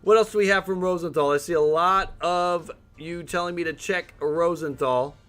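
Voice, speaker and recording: A man hosting a live sports reaction stream, thinking aloud and getting excited as he reads out breaking news updates. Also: on the high side, normal speed, clean tone, soft background music.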